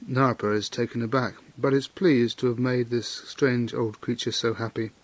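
A man at a middle pitch gives a Buddhist teaching and retells an old legend, pausing to comment on its lesson. His voice sits close and dry, with no room sound around it. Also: little pitch movement, no echo. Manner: measured storytelling with moral comment. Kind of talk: Dharma talk retelling a legend.

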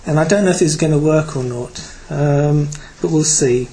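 Man, British, Buddhist teacher, dharma talk, reflective, hesitant, fillers, slightly high voice. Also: normal speed, dark tone, a little hiss or hum, rough recording.

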